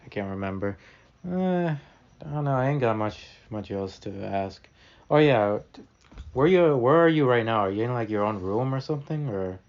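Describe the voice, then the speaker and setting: A man's voice: medium pitch, expressive, normal speed, muffled recording. A man hosting a casual podcast, laid-back, asking short questions and trailing off. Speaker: podcast host. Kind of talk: casual interview.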